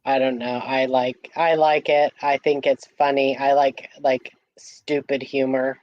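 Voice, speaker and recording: A woman's voice: extremely low pitch, flat delivery, a little slow, dry recording, dull audio. A woman hosting a casual live morning stream, playful and giggly, repeating words and reading chat comments aloud.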